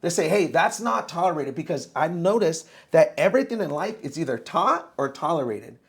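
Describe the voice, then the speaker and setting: A man in his thirties, a podcast guest, telling his own story in casual, animated talk and calling the host bro. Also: fairly high pitch, normal speed, slight background noise. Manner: animated, says bro a lot.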